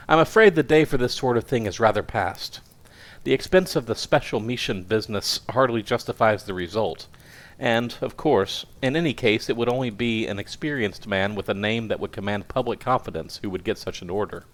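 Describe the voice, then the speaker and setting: A man's voice: lowish voice, lightly acted. A man reading aloud voices a crabbed, kindly old male news editor in a fussy, paternal manner.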